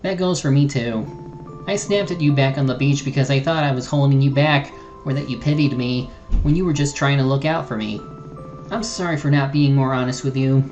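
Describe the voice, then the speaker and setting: A woman's voice: rumbling low, fairly quick, a little mellow, muffled recording, soft background music. A streamer reading an earnest young woman adventurer. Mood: resolved. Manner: read aloud with small slips and restarts. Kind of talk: reading game dialogue aloud.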